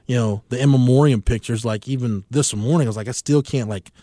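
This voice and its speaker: A man in his thirties hosts a casual sports talk show. He speaks in a reflective, halting way and often reaches for words. His voice is mid-pitched and recorded dry and close. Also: mellow, dry recording. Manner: reflective, halting, many "like" fillers. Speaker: podcast host.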